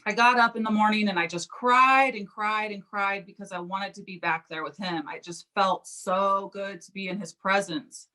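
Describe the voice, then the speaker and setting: A woman's voice: mid-range voice, moderate pace, hardly any pauses. A woman, a psychic medium, telling a personal story in an interview and acting out the quoted speech. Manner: animated, acts out quoted speech.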